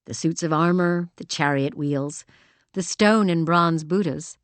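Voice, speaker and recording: A woman narrating a romance audiobook in an expressive storytelling manner, also speaking the heroine's lines. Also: sits low, measured pace, clear, resonant tone, no room sound. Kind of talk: scripted narration.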